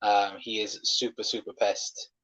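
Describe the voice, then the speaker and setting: A young man, hosting a live football watchalong and calling the match as an excitable fan who swears when frustrated. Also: on the low side, measured pace, highs cut off.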